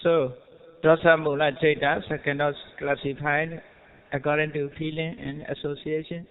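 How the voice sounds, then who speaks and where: A man's voice: a little high, flat delivery, moderate pace, smooth. A man with a Burmese accent teaching a Buddhist lecture in simple English, checking in with his listeners as he goes. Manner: simple non-native English, frequent rhetorical checks and soft chuckles. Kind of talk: dharma lecture. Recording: tinny phone-like lo-fi recording.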